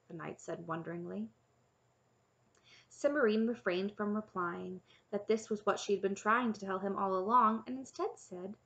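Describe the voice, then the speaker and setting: A woman reads a fantasy chapter book aloud in an even, clear storytelling voice. Her pitch sits in a middle range, and the recording sounds a little dull and muffled. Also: normal speed. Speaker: audiobook narrator. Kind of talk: storybook narration.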